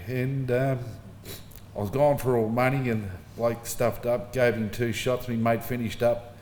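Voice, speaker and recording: At a measured pace, a middle-aged Australian man with a medium-pitched, somewhat mellow voice and little pitch movement gives a casual eulogy for his father. Chuckling between stories, he speaks in a funeral service hall whose recording sounds echoey with faint ambience.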